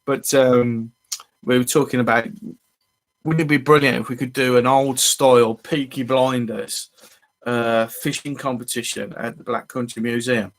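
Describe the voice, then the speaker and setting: Brief: male host, mid-pitched voice, rambling and friendly live-stream chat. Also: fairly even intonation, moderate pace. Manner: rambling and chatty, greeting viewers as they arrive. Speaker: fishing channel host.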